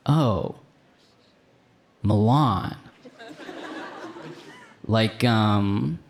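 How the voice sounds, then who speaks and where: A man performing a stand-up comedy set on stage, animated and slipping into high put-on voices for the people in his stories. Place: comedy club stage with a live audience. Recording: live venue with crowd noise. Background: audience laughter.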